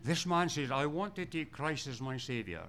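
A man's voice: fairly high pitch, animated, normal speed, fairly bright tone, a little hiss or hum. A man preaching a sermon, telling personal stories earnestly and often restarting his words.

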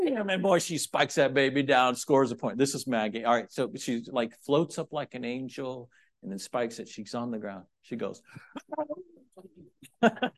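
A middle-aged man preaching a sermon, moving between loud, emphatic points and quiet, chatty asides to the congregation. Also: medium pitch, lively intonation, moderate pace. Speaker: pastor.

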